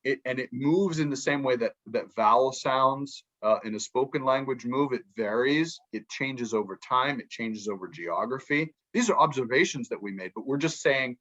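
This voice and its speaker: Guy explaining music theory on a podcast, lively, quotes people in little voices, kinda dull lo-fi sound. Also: mid-range voice, normal speed, hardly any pauses. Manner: animated, acts out musicians' quotes, many restarts. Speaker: guest, music author.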